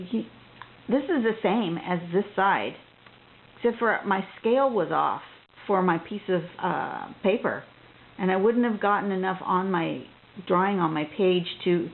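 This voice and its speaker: A woman's voice: fairly low pitch, gravelly. A woman teaching a drawing tutorial, talking casually and thinking aloud as she works, rambling with frequent restarts. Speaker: drawing instructor. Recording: tinny phone-like audio with faint noise.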